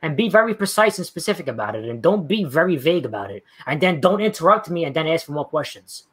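A man's voice: a little high, big pitch swings, fast talker, fairly bright tone, breathy edge. A man in a heated online debate, combative and talking over his opponent. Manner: combative, talks over the other, demands precision.

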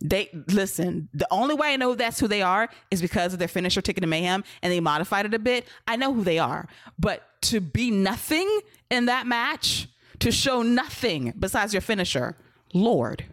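A woman co-hosting a casual wrestling podcast, animated and teasing, talking in an exclamatory way. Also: mid-range voice, normal speed, no echo, clean studio sound. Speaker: podcast co-host.

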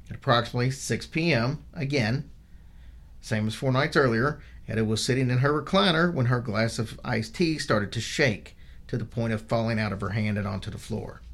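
A man co-hosting a podcast, telling a true ghost story from notes in a steady, measured way that slows down for the dramatic parts. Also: mid-range voice. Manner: steady, measured delivery, slowing for dramatic moments.

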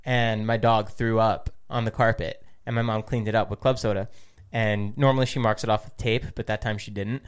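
A man's voice: lowish voice, little pitch movement, normal speed, smooth. A young man co-hosting a podcast, telling a long story in casual, rambling chat with a playful tone. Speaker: podcast co-host.

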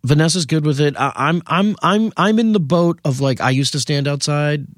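A man's voice: fairly high pitch, animated, moderate pace, dry recording, studio quality. A man in his thirties chatting as a podcast guest, nervous and self-deprecating, with lots of stammered restarts. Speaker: guest comedian. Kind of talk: casual podcast chat.

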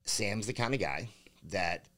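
Brief: young male fighter guest, low voice, casual and profane, loose rambling delivery full of "you know" fillers. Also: lively intonation, unhurried, sharp tone. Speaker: bare-knuckle fighter guest. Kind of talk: casual podcast interview.

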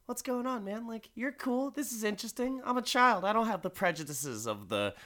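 A man's voice: sits high, expressive, brisk, sharp tone, voice pushed up. A man voicing a friendly, curious little girl in a casual, breezy way.

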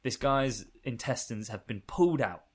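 A man's voice: medium pitch, expressive, normal speed. A man co-hosting a podcast, recapping a film in casual chat, swearing freely, laughing often and rambling between points. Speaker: podcast co-host.

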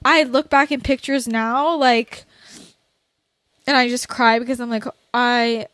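A woman's voice: a little high, fairly even intonation, unhurried, a bit bright, dry recording. A young woman hosting a candid conversation, talking bluntly and ramblingly with many fillers and laughing through tears.

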